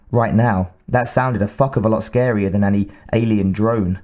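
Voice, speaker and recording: A man reading a sci-fi novel aloud in a measured, dramatic narration style. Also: fairly low pitch, fairly even intonation, a little mellow. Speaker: audiobook narrator.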